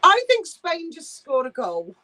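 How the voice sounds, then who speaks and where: A woman's voice: very high-pitched, wildly swooping pitch, unhurried, pushed and bright, rough recording. A woman hosting a casual livestream, reading viewer comments aloud and answering in a chatty, blunt, sweary way. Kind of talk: casual live chat.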